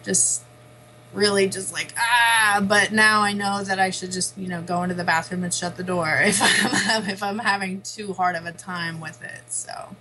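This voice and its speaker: A woman speaks in a bright, clear, forward voice at a middle pitch. She tells a personal story candidly and often laughs softly between phrases. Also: level tone, normal speed, poor audio. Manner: candid, with frequent small laughs. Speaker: interview guest, parent.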